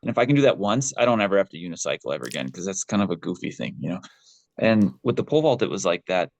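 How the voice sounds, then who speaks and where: A man's voice: low-pitched, expressive, rapid-fire, creaky, a little mellow, no echo. A man speaking candidly and with feeling as an interview guest, a former pole vaulter who swears freely and often restarts his sentences. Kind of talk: casual interview conversation.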